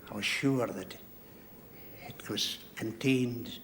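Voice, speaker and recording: A man's voice: fairly low pitch, slow pace, a bit bright. An actor playing a dour, stingy older man with a Scottish accent, telling a story in a dry, gloomy way. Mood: brooding. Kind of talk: 1960s-70s sitcom acting. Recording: noisy old TV soundtrack.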